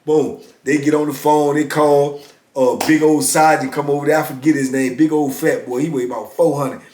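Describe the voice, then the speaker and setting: A man's voice: fairly high pitch, moderate pace, a little hiss or hum. A middle-aged man casually telling a story from his past, speaking colloquially and acting out what others said. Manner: animated, colloquial, acts out others' lines. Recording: roomy echo.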